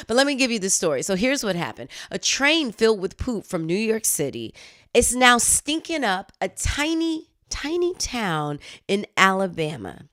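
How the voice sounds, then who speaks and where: Female news-commentary host, animated and chatty, lively swings in pitch. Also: moderate pace, no echo, clean studio sound. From United States. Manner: animated, chatty, exclaims and laughs at herself.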